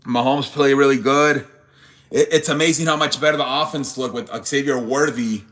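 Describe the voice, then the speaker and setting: A man's voice: medium pitch, steady tone, normal speed, a bit bright. A young man hosting a live sports show, chatting casually with viewers, rambling and swearing when worked up. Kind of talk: casual live-stream chat.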